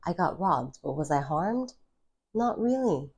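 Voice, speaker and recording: Low-voiced woman telling a blunt story. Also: sing-song, measured pace, background noise. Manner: blunt, swears freely, frequent restarts; addresses viewers directly with "okay?". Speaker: spiritual content creator. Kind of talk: casual storytelling to camera.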